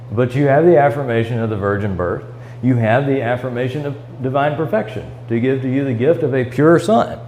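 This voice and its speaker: A man's voice: mid-range voice, normal speed, darkish tone, a little hiss or hum, rough recording. A man with a Midwestern American accent, teaching a Bible study lesson in a church classroom and reading passages aloud, with fillers and restarts. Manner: reads scripture aloud and explains it, with fillers and restarts.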